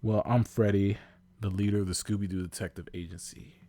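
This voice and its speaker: A man's voice: on the low side, fairly even intonation, a little fast, mellow, dry recording, lightly acted. A man doing a cocky corny gang leader, Freddy. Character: cocky clean-cut young male gang leader.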